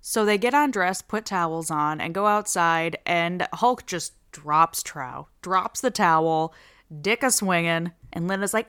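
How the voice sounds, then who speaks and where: A woman's voice: lowish voice, unhurried, fairly bright tone, smooth. A woman host recapping a reality show in a casual, crude, joking way. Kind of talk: comedic TV recap.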